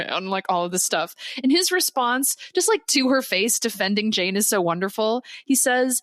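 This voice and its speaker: A woman's voice: mid-range voice, moderate pace, fairly bright tone, no echo, clean studio sound. A young woman co-hosting a podcast, retelling scenes animatedly with laughter. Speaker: podcast co-host. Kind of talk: casual chat.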